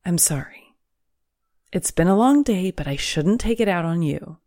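A woman's voice: lowish voice, animated, normal speed, warm tone. A woman playing a frazzled mother of four. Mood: apologetic. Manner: emotional, exclamatory delivery. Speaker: voice actor. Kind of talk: audio drama acting.

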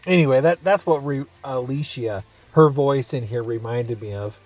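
A man's voice: mid-range voice, moderate pace, darkish tone, soft background music. A man hosting a podcast, reviewing a show in a rambling, chuckling way with many fillers. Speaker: podcast host reviewing a radio adaptation. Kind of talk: casual review chat.

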